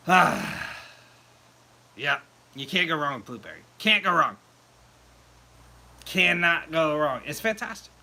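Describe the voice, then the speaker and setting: A man's voice: a little high, sing-song, slow pace, creaky, pauses often, sharp tone, husky. A man hosting a casual home mead-making livestream, chatting loosely and laughing at himself as he answers viewers. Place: home meadery.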